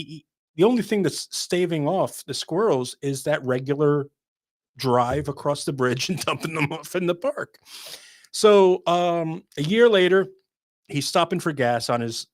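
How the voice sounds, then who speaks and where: A radio show co-host telling a funny story in a rambling, animated way, full of restarts and fillers. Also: mid-range voice, no room sound.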